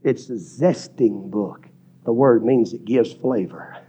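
A man preaching a revival sermon, rhythmically listing words and rising to shouts, recorded in a church. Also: medium pitch, slow, husky.

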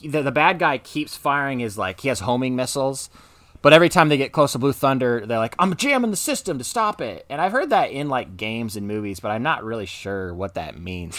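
A man's voice: mid-range voice, a bit bright, no echo. A man co-hosting a podcast, chatting casually in a rambling way with lots of filler words. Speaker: podcast co-host. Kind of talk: casual chat.

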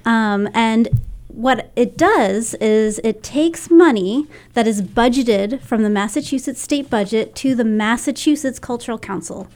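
A woman's voice: fairly high pitch, measured pace, darkish tone. A woman chairing a local committee, explaining its work as a radio guest with frequent ums.

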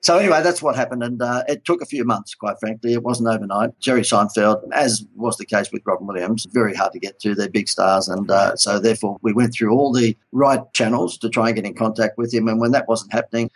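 An Australian man, an advertising consultant, telling lively anecdotes in a casual interview and often laughing. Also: on the low side, fairly quick, few pauses, slightly rough, low-quality recording.

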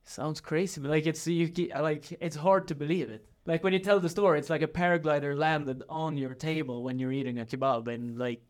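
A young man in a casual chat, talking haltingly and restarting his sentences. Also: on the high side, fairly even intonation. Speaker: co-guest.

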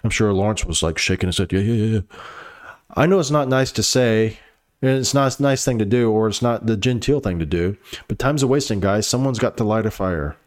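A man with a somewhat low voice talks through a political commentary monologue in a loose, rambling way. He reads news aloud and breaks off into sarcastic asides, with fillers and restarts along the way. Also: lively intonation, brisk.

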